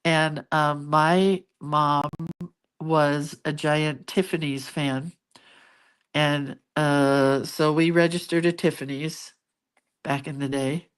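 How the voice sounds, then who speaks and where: Woman, middle-aged, low-pitched, chatty, rambling, casual storytelling. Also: steady tone, slow, clean tone. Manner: chatty, rambling, with many asides. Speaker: crafting vlogger.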